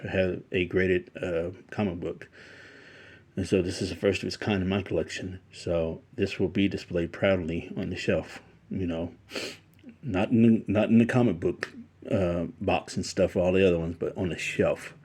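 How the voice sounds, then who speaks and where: A middle-aged man unboxing a gift on his collecting vlog, emotional and halting, full of fillers and restarts. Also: sits low, a little mellow, slightly rough. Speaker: toy collector YouTuber.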